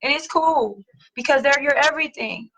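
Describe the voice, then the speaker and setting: A middle-aged woman hosting a casual chat, reading viewer comments, slangy and animated, swearing casually and laughing often. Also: high voice, normal speed, rough recording. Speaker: host.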